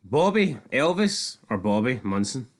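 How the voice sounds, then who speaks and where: A man's voice: mid-range voice, very animated, a little slow. Chatty, jokey man. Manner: chatty, jokey, swears freely. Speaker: podcast co-host. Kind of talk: casual TV recap chat.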